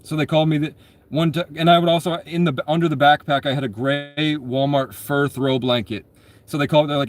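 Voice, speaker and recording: A man's voice: on the high side, fairly even intonation, fast talker, no echo. A man in his twenties casually telling personal stories, rambling and profane, often breaking off to correct himself. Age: 20s. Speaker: storyteller.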